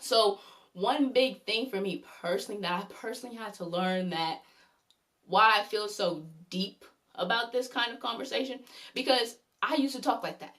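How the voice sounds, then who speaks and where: A woman's voice: mid-range voice, moderate pace, fairly bright tone. A woman giving a spoken devotional talk as a faith vlogger, earnest and rambling, often repeating a praise phrase and her own points. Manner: repeats "glory be unto the Lord" often.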